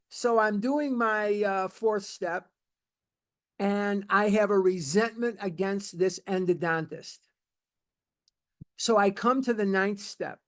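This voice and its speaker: At a recovery meeting, a man in his seventies with a strikingly high voice shares his personal recovery story. His delivery is blunt and emphatic, and he keeps returning to repeat key phrases.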